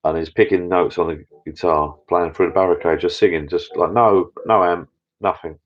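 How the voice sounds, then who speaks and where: A man's voice: low-pitched, fairly even intonation, normal speed. A man rambling in a casual live chat with viewers from his home bar room. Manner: rambling, chatty, many restarts. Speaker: channel host. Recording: dull lo-fi sound.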